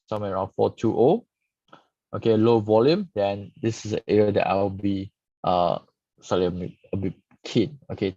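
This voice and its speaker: A man's voice: fairly low pitch, dark tone, no echo. Man explaining stock charts, lo-fi. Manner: frequent "okay" tags, casual explaining. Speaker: stock market analyst host. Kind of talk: live stock chart review. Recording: dull lo-fi dry sound.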